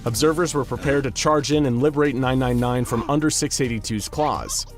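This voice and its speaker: A man's voice: medium pitch, brisk, faint music behind. A man reading a scripted narration with dramatic storytelling emphasis.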